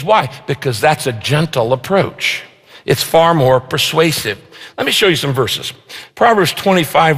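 A man preaches from the pulpit with a somewhat high-pitched voice, stretching out important phrases for emphasis. His words ring out with the long reverb of a big church sanctuary. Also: a bit bright. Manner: emphatic, slows down to stress key phrases. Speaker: pastor. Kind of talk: sermon.

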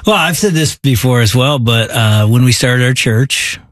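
A man's voice: medium pitch, moderate pace, a bit bright, no echo. Middle-aged pastor guy, reflective chat, mid voice, dry close mic. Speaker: pastor and co-host. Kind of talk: casual chat.

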